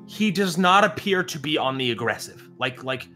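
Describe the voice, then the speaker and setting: A man's voice: fairly high pitch, expressive, moderate pace, bright, forceful tone, faint music behind. A man narrating as game master of a tabletop role-playing game, describing the scene in a rambling, filler-heavy way and laughing often.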